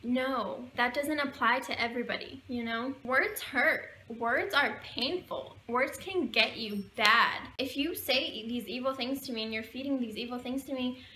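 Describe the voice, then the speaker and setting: A young woman speaks straight to camera in an earnest, emotional, slightly preachy way. Her voice is bright and fairly high. The room is echoey, with a faint hiss of background noise. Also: unhurried, hardly any pauses. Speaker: vlogger. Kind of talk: heartfelt talk to camera.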